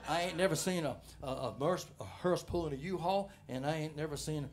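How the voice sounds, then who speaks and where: High-voiced folksy Southern pastor preaching. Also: male voice, brisk. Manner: folksy, animated, shifting from loud exhortation to quiet asides. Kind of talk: sermon. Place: church sanctuary.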